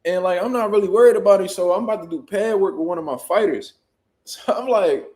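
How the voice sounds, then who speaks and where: A man, a boxing trainer, telling a story in casual, profane, animated talk and loudly acting out what people said. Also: high voice, fast talker. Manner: profane, animated, jumps into loud acted-out quotes.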